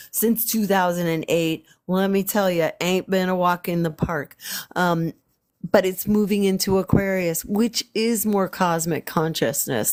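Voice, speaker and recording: A woman's voice: on the low side, a little mellow. A woman talking casually on a spiritual livestream as an artist and healer, meandering and repeating phrases with frequent ums.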